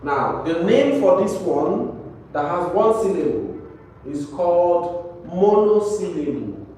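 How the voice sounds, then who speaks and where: Male classroom teacher, fairly high voice, drills words, far from the mic with faint noise. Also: sing-song, slow pace, a little mellow, very echoey. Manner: repetitive, checks understanding with "right?". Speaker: English teacher. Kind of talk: classroom lesson.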